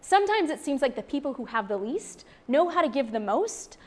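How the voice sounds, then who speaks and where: High-voiced woman in her 30s, outreach worker talking faith to a room, earnest, keeps repeating stuff for emphasis. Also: very animated, fairly quick. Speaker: street outreach worker giving a talk. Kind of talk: faith-based talk to a live audience.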